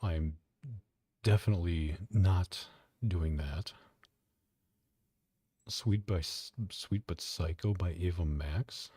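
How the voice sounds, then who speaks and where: Low, mellow-voiced man chatting on stream. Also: takes it slowly, pauses often, slightly rough, dry recording. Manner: profane, offhand, self-mocking. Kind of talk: casual live-stream chat.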